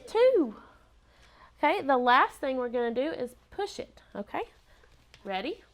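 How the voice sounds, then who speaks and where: A woman's voice: sits high, sing-song, moderate pace, fairly bright tone. A woman teaching kindergarten in a classroom, patient and encouraging, asking the children lots of prompting questions.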